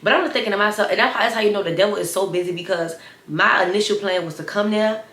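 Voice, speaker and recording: A woman's voice: mid-range voice, fast talker, reverberant. Chatty young woman with a slight lisp. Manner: animated, chatty, addresses viewers as y'all. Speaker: storyteller vlogger. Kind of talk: casual storytime.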